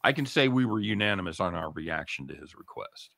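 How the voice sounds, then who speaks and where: Middle-aged male radio host, lowish, punchy, bright voice, profane and excitable, dry close mic. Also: brisk, gravelly, no room sound. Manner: profane, excitable, laughs loudly. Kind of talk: casual sports talk banter.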